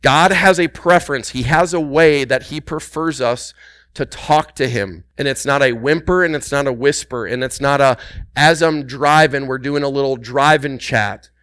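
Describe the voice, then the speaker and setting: A man preaching a sermon, swinging between hushed, intimate passages and loud, urgent exhortation, repeating words for emphasis and calling on the congregation. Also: medium pitch, normal speed, clear, resonant tone, dry recording, clean studio sound. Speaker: pastor.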